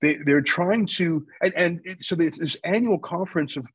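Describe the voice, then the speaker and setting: Guest spot: husky, dry-sounding man from Canada, opinionated, presses his points hard. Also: on the high side, moderate pace, dry recording, low-quality recording. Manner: argumentative, emphatic, builds points with rhetorical questions. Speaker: guest, news company founder. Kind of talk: radio interview talk.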